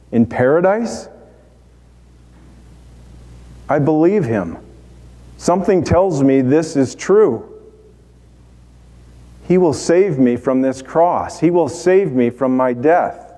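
Man as a dying repentant thief, slow halting speech, mellow voice, long hall reverb. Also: a little high. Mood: awed hopeful. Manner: halting, broken phrases. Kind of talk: dramatic monologue.

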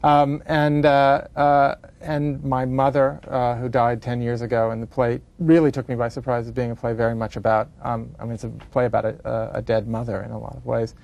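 Man, playwright, thoughtful, halting, long winding sentences, mid-pitched voice. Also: little pitch movement, vocal fry, a little mellow. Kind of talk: interview conversation.

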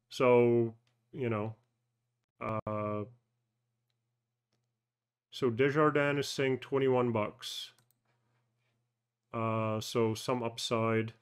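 Slow, clear-voiced man thinking aloud. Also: mid-range voice. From Canada. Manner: thinking aloud, halting, many fillers and self-corrections. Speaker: personal finance channel host. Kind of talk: casual live screen-share walkthrough.

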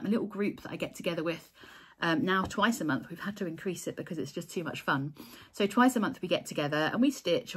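An English crochet designer and vlogger chats to camera about her crochet work, warm and heartfelt, restarting sentences and laughing softly. Her voice is lowish and husky, and she mentions being tired.

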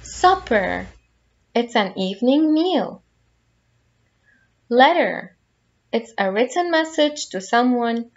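A woman's voice: on the high side, very animated, slow pace, pauses often, lo-fi sound. A woman teaching a phonics lesson to young children, patiently guiding them through each word step by step.

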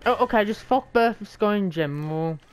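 An Australian woman chatters through her gameplay in loose, slangy, heavily sworn commentary. Her voice sits in an ordinary middle pitch, and faint game music plays behind her. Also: expressive, a little fast, clean tone. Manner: profane, rambling, slangy banter. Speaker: game streamer.

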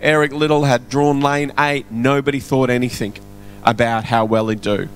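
A man's voice: medium pitch, steady tone, moderate pace. A man preaching a sermon in a church, chatty and quizzing the congregation. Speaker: pastor. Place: church hall. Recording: soft music behind.

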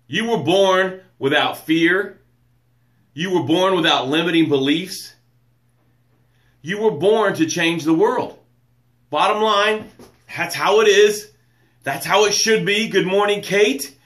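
A man hosting a live motivational show, energetic, greeting viewers by name and reading their comments aloud. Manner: drops soft and low to read quotes and breathing cues. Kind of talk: live-stream motivational talk.

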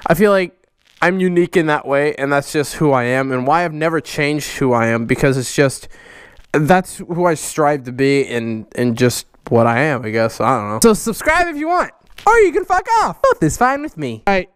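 A man in his twenties opening fan mail on his vlog, loud, hyper and goofy, jumping between high yelps and low growls. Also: clear, resonant tone, no echo. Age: 20s. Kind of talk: casual vlog chat.

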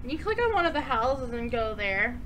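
Brief: bossy woman in casual gameplay chat, high bright voice, faint hiss. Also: sing-song, moderate pace. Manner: bossy, impatient nagging. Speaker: game player.

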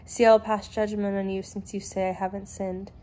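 A young adult woman reading scripture aloud in a steady, measured way. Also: medium pitch. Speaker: Bible reader.

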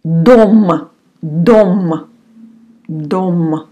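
A woman teacher speaks at a very unhurried pace in a lowish voice. She says each word carefully, then repeats it several times so beginners can follow. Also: mellow, husky. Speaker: language teacher. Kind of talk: recorded beginner lesson.

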